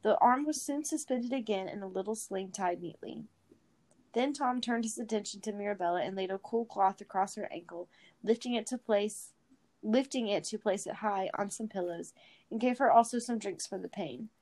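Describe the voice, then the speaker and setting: A woman reading a story aloud in a relaxed, easygoing way, dropping in chatty asides to her listeners. She yawns now and then, and her voice sits at a middle pitch. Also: normal speed. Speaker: reader. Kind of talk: casual read-aloud of a story.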